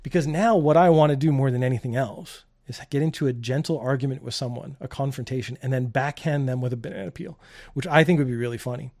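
A man's voice: medium pitch, fast talker, a little mellow. Wry middle-aged man riffing on news. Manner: wry, sarcastic, chuckles at own jokes. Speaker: news show host. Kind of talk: comedic news commentary.

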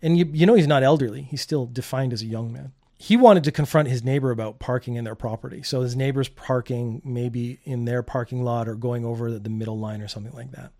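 A man's voice: medium pitch, a little fast, mellow. A middle-aged man hosting a comedic news commentary show, delivering stories in a wry, sarcastic way and chuckling at his own jokes.

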